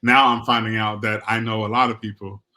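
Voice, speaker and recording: Man, talk show host, bright tone, affirming. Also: lowish voice, level tone, a little fast. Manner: affirming, keeps saying right.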